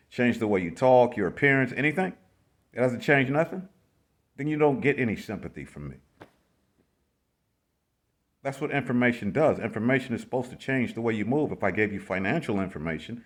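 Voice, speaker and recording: Man, vlogger, casual rant, slangy, blunt, exasperated, repetitive, mid-pitched voice. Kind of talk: casual ranting commentary.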